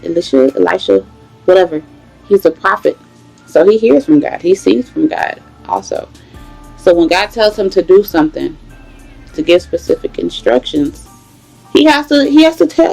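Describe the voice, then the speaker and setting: A young woman, giving a casual devotional talk, conversational and animated, often calling out to listeners. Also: lowish voice, creaky, poor audio. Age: young adult. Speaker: devotional host.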